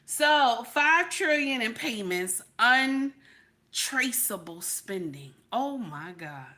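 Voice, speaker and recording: High, bright woman streamer who keeps repeating herself to her chat; casual live commentary. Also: sing-song, slow. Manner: repeats herself, talks straight to chat viewers. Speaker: vlogger reacting to videos and chat.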